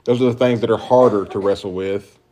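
This pastor delivers his sermon briskly in a fairly low, warm voice with a steady tone. He speaks emphatically, asks many rhetorical questions, and lets his volume swell and fall to drive points home.

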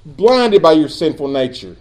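A man preaching a sermon as pastor, earnest and emphatic, dropping at times into quiet asides. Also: fairly high pitch, big pitch swings, measured pace.

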